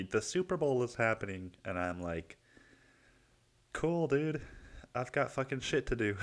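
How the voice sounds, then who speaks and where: A man's voice: deep voice, a bit bright. A young man hosting a casual solo podcast, rambling and swearing freely, poking fun at himself and calling the listener "dude" and "man". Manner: rambling, profane, self-mocking, says "dude" and "man" a lot. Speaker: podcast host.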